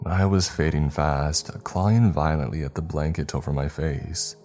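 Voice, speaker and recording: A man narrating a scary story in a measured, dramatic scripted reading. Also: rumbling low, steady tone, darkish tone. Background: faint music.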